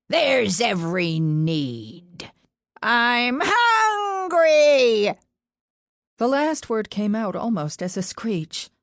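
A woman narrating a fantasy audiobook with a steady, even delivery. Her voice sits low, and the recording is dry and close, with no room sound at all. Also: no room sound.

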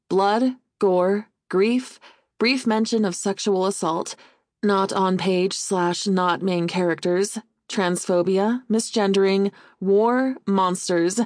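A woman reading a novel aloud as an audiobook narrator, in a measured, expressive first-person telling on a close studio mic. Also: mid-range voice, dry recording.

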